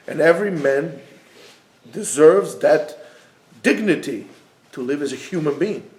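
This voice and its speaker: A man's voice: fairly high pitch, moderate pace, darkish tone. A man teaching a Torah class, speaking emphatically and repeating key phrases for stress. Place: classroom in a basement yeshiva. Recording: echoey room.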